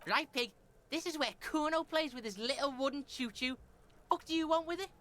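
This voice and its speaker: A man's voice: extremely high pitch, brisk, a bit bright, no room sound, pitched above the performer's own voice. A man voicing a cocky, hostile street boy in a put-on Scouse accent who swears constantly and talks about himself in the third person. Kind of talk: live game voice-over.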